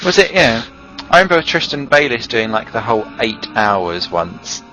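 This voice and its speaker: A man's voice: medium pitch, very animated, normal speed, bright, forceful tone. A man doing casual, teasing banter as a sim racing commentator and reading forum posts aloud. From United Kingdom. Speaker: race commentator. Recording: dull lo-fi stream audio with faint music.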